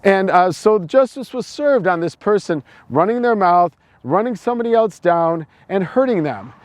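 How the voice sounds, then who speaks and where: A man's voice: high-pitched, lively intonation, moderate pace, no echo. A middle-aged man from the United States, giving a preachy opinion monologue full of restarts and repeated words. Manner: repetitive, preachy, stumbling restarts.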